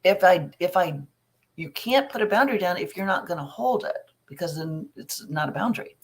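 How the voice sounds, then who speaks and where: A woman's voice: on the low side, expressive, brisk. A middle-aged woman, a family recovery coach, answering viewer questions in a casual, chatty live Q&A and giving frank advice with everyday examples.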